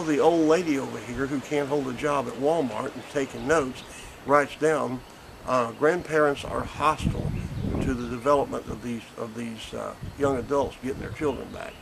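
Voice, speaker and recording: A man's voice: mid-range voice, gravelly, noisy background. A man, a grandfather speaking bluntly and indignantly in a recorded statement. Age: 50s. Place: porch outdoors.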